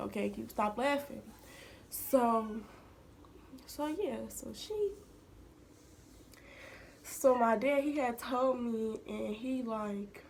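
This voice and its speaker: Young woman vlogger, storytime delivery, slightly high voice with plenty of vocal fry, chatty asides to the audience. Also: a little hiss or hum. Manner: chatty, addresses viewers directly, drops into hushed asides. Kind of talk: casual storytime to viewers.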